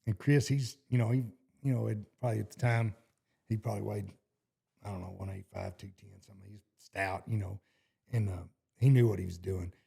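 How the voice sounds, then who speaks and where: A man's voice: fairly low pitch, fairly even intonation, brisk, creaky, warm tone, breathy edge. A middle-aged man with a Texan accent, telling cowboy stories in a casual interview, rambling and restarting his sentences in a folksy way. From Texas. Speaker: horseshoer guest.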